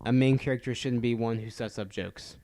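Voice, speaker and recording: A man's voice: medium pitch, steady tone, a little fast, a little mellow. A young man co-hosting a casual podcast chat, emphatic and teasing, arguing against everything. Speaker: podcast co-host.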